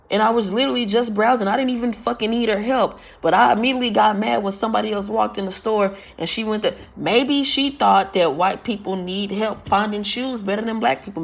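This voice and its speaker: A woman vlogger telling a story in a loud, carrying voice, blunt and full of profanity. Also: on the high side, gravelly. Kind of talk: casual storytelling rant.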